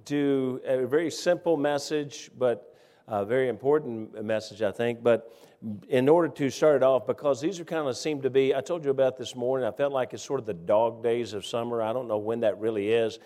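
Folksy preacher in a reverberant hall. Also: male voice, medium pitch. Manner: folksy, halting, grows loud and excited in the story. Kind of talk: sermon with a humorous story.

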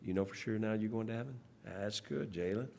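A man, a pastor leading church service announcements in a rambling, folksy way, pausing often. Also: lowish voice, vocal fry, darkish tone. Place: church sanctuary. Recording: long church hall reverb, faint noise.

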